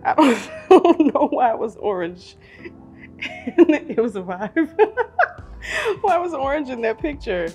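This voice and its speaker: A middle-aged woman chatting casually on her vlog, animated and self-mocking, laughing often. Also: sits high, slow pace, long pauses, faint music behind. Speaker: vlogger. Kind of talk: casual chat reviewing old photos.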